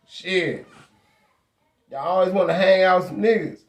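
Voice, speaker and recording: High-pitched man ranting bluntly. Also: unhurried. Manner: blunt, rambling, heavy slang and cursing. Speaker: host. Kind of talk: casual profane rant.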